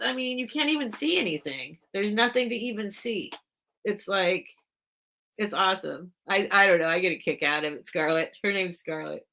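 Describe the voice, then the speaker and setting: Woman host of a live sale stream, bright, forceful tone, rambling and giggly with her chat. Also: mid-range voice, vocal fry. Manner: rambling, chatty, often breaks off mid-sentence; apologetic and giggly with viewers. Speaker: online seller hosting a live sale stream. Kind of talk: casual livestream chat.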